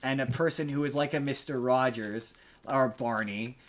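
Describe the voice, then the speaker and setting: A man's voice: medium pitch, normal speed. A man hosting a podcast, casually recapping a movie plot with a rambling delivery and frequent restarts. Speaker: podcast host.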